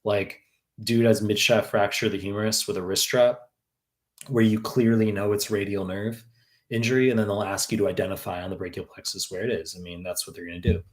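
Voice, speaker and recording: A man's voice: on the low side, level tone, brisk. A man in his thirties from New York, a tutor answering viewer questions on a live stream in a blunt, profane way with many fillers. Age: 30s. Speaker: exam prep tutor.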